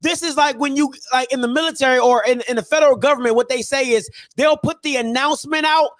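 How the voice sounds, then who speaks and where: A man hosting a live sports talk show, ranting in an animated, slangy, mocking way. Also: extremely high pitch, fast, dry recording. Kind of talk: live solo sports rant.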